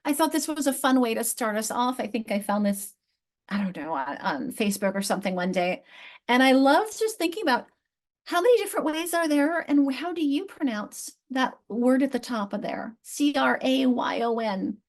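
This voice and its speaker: A woman's voice: sits high, animated, moderate pace. A woman with a New York accent leading an online literacy class in a friendly, chatty way, often restarting her sentences. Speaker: literacy instructor. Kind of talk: online teaching session. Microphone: video call.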